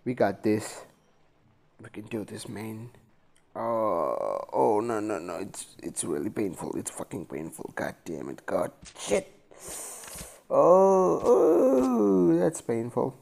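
A man's voice: lowish voice, very animated, measured pace, gravelly, a little mellow. A man playing a video game and commentating, muttering and swearing with panicky outbursts. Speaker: gaming channel host. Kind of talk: casual let's-play commentary.

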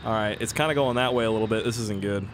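A man's voice: lowish voice, fast, noisy background. A young man with a cold doing rambling, jokey gameplay commentary as a video host, coughing now and then.

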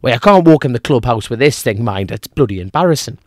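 A man co-hosting a podcast, telling a long joke in a lively, repetitive way. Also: mid-range voice, quick pace, dry recording, clean studio sound. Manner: animated storyteller, repeats himself, acts out voices. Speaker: podcast co-host.

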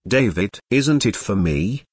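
A man's voice: fairly low pitch, animated, takes it slowly, slightly rough, no room sound, pitched below the performer's own voice, heavily acted. A synthetic man's voice reading the lines of a doting wife in a coaxing, affectionate way.

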